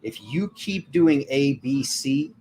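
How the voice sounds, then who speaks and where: A man hosting a tarot channel, giving a casual spiritual talk in a rambling, animated way full of restarts and fillers. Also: medium pitch, slow, slight background noise.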